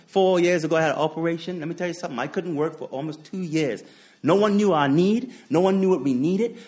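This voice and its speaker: Emphatic preacher man, higher voice. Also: a little mellow. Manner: emphatic repetition with rhetorical questions; testifying with personal stories, chuckling asides. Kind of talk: sermon.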